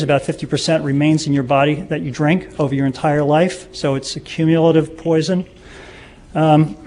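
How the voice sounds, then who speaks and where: Guy at the council podium, kinda high voice, very flat, lots of ums while he reads numbers. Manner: earnest, reciting statistics with many ums. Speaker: public commenter. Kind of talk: public comment at a council meeting.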